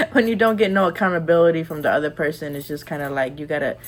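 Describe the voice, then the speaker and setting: A woman's voice: on the low side, brisk. Candid, chatty young woman vlogger. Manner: candid, chatty, rambling with many "like"s. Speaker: lifestyle vlogger. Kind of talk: casual advice chat.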